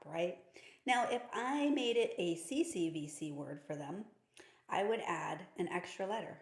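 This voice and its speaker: A woman's voice: fairly low pitch, a little mellow. A woman teaching phonics to teachers and parents, explaining patiently and upbeat with playful kid-friendly terms, asking questions and answering them herself. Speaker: reading teacher. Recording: echoey room.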